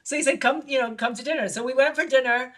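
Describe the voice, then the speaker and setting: A woman filmmaker telling an anecdote in an interview, animated and acting out the voices of the people she quotes. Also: fast talker, slight background noise. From lived in Barcelona. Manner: animated, acts out quoted voices with big pitch jumps. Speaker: guest filmmaker. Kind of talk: storytelling in an interview.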